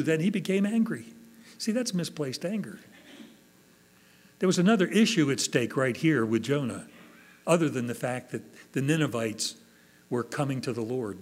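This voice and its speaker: A man preaching a sermon, earnestly acting out quoted prayers with rising emotion. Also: medium pitch. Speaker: pastor.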